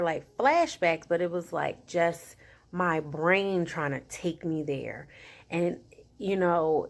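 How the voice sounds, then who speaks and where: A woman vlogging casually about her day, chatty and animated, often laughing and quoting herself. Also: lowish voice. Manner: chatty, animated, talks to herself in quoted asides; laughs often while talking. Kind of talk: casual personal video diary.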